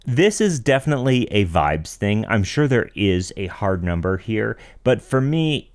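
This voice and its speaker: A man's voice: deep voice, a little mellow. A man co-hosting a tech podcast, explaining things in casual chat. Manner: explanatory, reads listener questions aloud. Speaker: podcast co-host.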